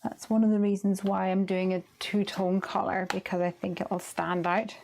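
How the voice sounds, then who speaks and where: A woman from the UK hosting a live crafting stream, talking casually and thinking aloud as she works, now and then trailing off into soft murmurs. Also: mid-range voice, little pitch movement, moderate pace, gravelly. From United Kingdom. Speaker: crafting livestream host.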